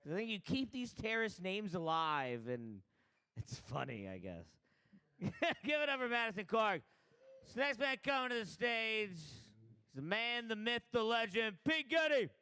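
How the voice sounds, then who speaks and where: High, lively man emceeing a comedy show. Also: normal speed, smooth. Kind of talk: emceeing between acts. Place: comedy club stage.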